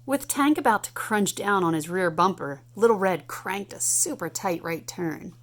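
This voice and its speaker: A woman in her thirties reading a picture book aloud at home to a child, animated and playful. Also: mid-range voice, normal speed. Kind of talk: storybook read-aloud.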